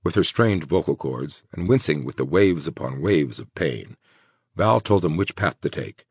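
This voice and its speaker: Deep gravelly male audiobook narrator, lively delivery, dry close sound. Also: normal speed, no echo. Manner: dramatic, expressive reading. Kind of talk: scripted horror narration.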